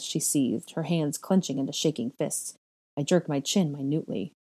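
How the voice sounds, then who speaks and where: A woman reading a first-person story aloud in a measured, quiet way. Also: deep voice, steady tone, slightly rough. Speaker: reader of a fan fiction story.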